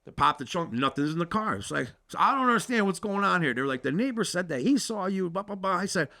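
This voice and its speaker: An animated middle-aged man spinning a story with lots of swearing. His pitch sits a bit high and leaps around as he voices each side of the exchange. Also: quick pace. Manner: animated, swearing, acts out both sides of conversations. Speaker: podcast guest. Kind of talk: casual storytelling.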